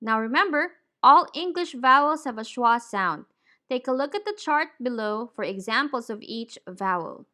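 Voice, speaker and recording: A woman teaching English pronunciation, saying each word deliberately and clearly. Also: on the high side, lively intonation, bright, forceful tone. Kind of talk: slow, careful pronunciation lesson.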